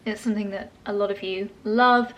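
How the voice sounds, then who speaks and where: A woman's voice: medium pitch, steady tone, brisk. A woman chatting casually in a home vlog, gushing about skincare while massaging her face. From England. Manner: chatty and gushing, with soft laughs. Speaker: lifestyle vlogger.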